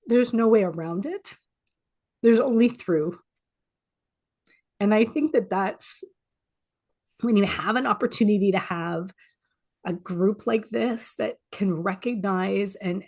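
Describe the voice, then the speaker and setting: Soft-spoken woman sharing heartfelt memories. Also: mid-range voice. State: teary. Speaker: support group speaker. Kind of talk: personal sharing, reflective. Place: home office. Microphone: home office video call.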